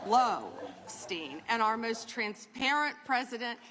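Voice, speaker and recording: A woman's voice: fairly high pitch, lively intonation, takes it slowly, a crowd in the background. A woman testifying at a formal hearing, emphatic and repeating her points. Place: large hearing room. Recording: hearing room with long reverb.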